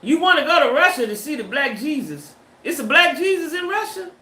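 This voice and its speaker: A woman's voice: high-pitched, very animated, a little fast, pushed and bright, echoey room. A woman hosting a livestream in casual, emphatic chat, firing off rhetorical questions and slang. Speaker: livestream host. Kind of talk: casual chat reading viewer comments.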